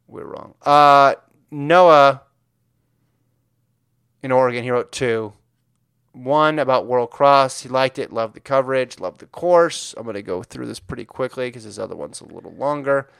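A man of middle pitch co-hosts a casual running podcast. He reads listener emails aloud and drops in dry, deadpan jokes along the way. The sound is close and dry. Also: gravelly, clean tone, no room sound. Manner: dry, joking asides while reading. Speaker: podcast co-host.

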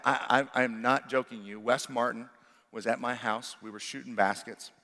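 A man, a pastor, preaching a sermon that swings from loud exclamations to hushed, intimate passages. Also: mid-range voice, in a large hall.

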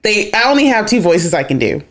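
A woman's voice: mid-range voice, fairly quick. A woman co-hosting a podcast in casual chat, telling stories with lots of laughter. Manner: animated storyteller, laughs a lot. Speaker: podcast co-host.

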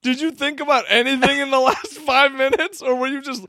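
A man's voice: very high-pitched, fairly even intonation, brisk, gravelly, bright, forceful tone, dry recording, clean studio sound. A man co-hosting a comedy podcast, teasing the others, interrupting and laughing often. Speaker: podcast co-host. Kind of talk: casual comedy podcast chat.

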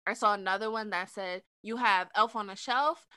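A young woman co-hosting a casual podcast chat, animated and laughing, getting loud when she makes a point. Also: medium pitch, normal speed, a little hiss or hum. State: eating dinner while talking. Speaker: podcast co-host.

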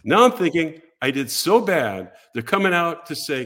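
Older man telling a lively, animated story. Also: a little high, brisk. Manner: lively storyteller acting out other people's lines. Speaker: podcast guest.

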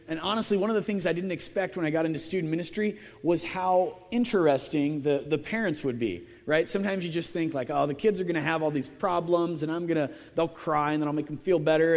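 A man's voice: on the high side, a little mellow. A male pastor preaching a sermon in a conversational storytelling way, often restarting words and adding wry asides. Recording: long reverb of a large hall.

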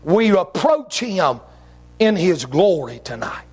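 A man preaching a sermon as pastor, with folksy phrasing, shouted emphasis and drawn-out phrases. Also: sits high, sing-song, breathy edge, soft background music. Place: church sanctuary. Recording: long reverb of a church hall.

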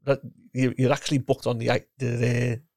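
In a casual chat, this middle-aged ex-footballer and coach wanders off track, repeats words and keeps restarting. His mid-range voice barely moves in pitch and has a warm tone at normal speed, with clean, echo-free studio sound.

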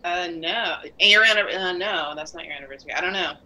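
A woman's voice: fairly low pitch, fast talker, sharp tone, poor audio. A woman co-hosting a casual chat, giving brief, matter-of-fact replies. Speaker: co-host.

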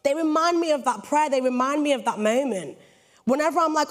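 Young female British preacher, playful storyteller, slightly high voice. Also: quick pace. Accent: British English. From Britain. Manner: lively, jokey storytelling. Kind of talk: sermon.

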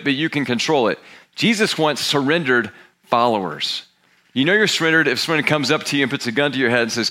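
A man's voice: mid-range voice, pushed and bright. A man in his sixties, a pastor giving a candid, conversational sermon with frequent restarts. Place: church sanctuary.

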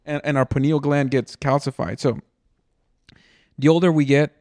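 A man's voice: fairly high pitch, fairly even intonation, normal speed, a little mellow, no echo. A man from Mexico, a podcast host, telling a rambling story in casual chat, swearing and saying "dude" a lot. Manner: rambling and profane, says "dude" often.

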